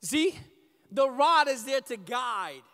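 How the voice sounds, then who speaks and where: A man in his thirties preaching a sermon as pastor, animated and conversational, often asking the congregation questions. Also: very high voice, slow pace, creaky. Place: church sanctuary. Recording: long church reverb.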